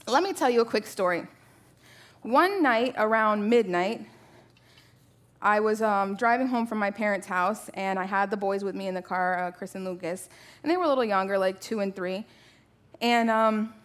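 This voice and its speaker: A woman in her thirties, her voice on the high side, preaches a sermon to a church. She tells personal stories in a conversational, animated way and asks many rhetorical questions.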